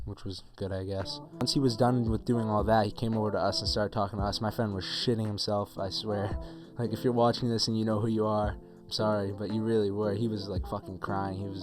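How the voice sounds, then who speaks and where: A young man telling a story for his video channel in a casual, rambling, profane way, full of "like" and "um". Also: lowish voice. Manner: rambling, profane, filler-heavy retelling. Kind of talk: casual story-time monologue.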